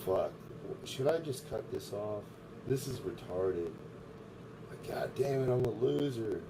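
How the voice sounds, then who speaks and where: A man mocking a voiceover with a quiet, muttering, self-pitying inner-monologue voice. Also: on the low side, animated, slow pace, noisy background. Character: self-loathing male inner-monologue voice, mopey.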